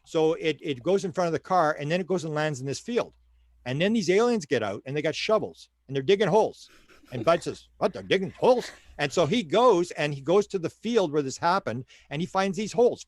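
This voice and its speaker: An older man, a guest in an interview, telling stories in an animated way and often repeating words while he searches for the next one. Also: a little high, fairly quick, no room sound. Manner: animated storyteller who acts out quoted dialogue. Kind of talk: storytelling in a casual interview.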